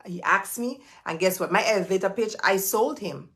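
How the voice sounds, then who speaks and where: A woman's voice: medium pitch, moderate pace, fairly bright tone. A woman hosting a live motivational talk for viewers, speaking emphatically and repeating key phrases like a preacher. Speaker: host and business coach.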